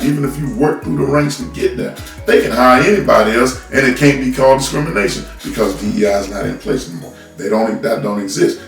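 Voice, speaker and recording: Gravelly man ranting into a phone. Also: mid-range voice. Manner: blunt, scolding, repeats words when starting. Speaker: commentary host. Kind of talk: unscripted political rant. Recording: roomy, from a distance off the mic.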